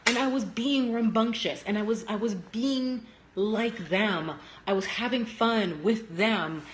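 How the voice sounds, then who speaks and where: A young woman who works as a teacher, talking casually on a phone live stream at home, telling lively stories and acting out what people said. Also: measured pace. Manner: animated storytelling, acting out quotes with big pitch jumps.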